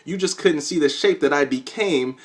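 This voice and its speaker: A young man voicing a calm female hypersphere who patiently explains dimensions in a matter-of-fact way. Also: fairly high pitch, normal speed, natural voice.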